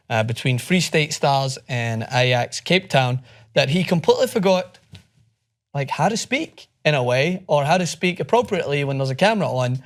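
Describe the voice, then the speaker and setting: Young scottish guy cohosting a sports show, talks super fast and jokey. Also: mid-range voice. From Scotland. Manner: fast-talking, joking, animated. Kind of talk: casual chat.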